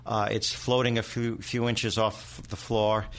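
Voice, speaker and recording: A man's voice: on the low side, little pitch movement, a little slow. A middle-aged man, a demonologist guest, telling a haunting story in vivid detail and acting out the people in it. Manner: dramatic storyteller, acts out quoted voices. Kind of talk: storytelling interview.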